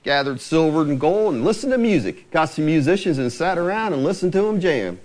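A man preaching a sermon, quoting scripture with lively, rising emphasis. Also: a little high, a little fast.

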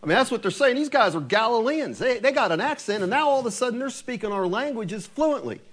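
A man's voice: extremely high pitch, animated, fast, fairly bright tone, a little hiss or hum. A man preaching a conversational sermon in a church, often asking his listeners tag questions like "right?". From Ohio. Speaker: pastor.

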